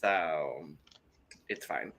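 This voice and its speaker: A man's voice: very deep voice, drawn-out words, vocal fry, fairly bright tone. A young man co-hosting a podcast in casual chat, talking loosely, with some swearing and repeated words. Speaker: podcast co-host.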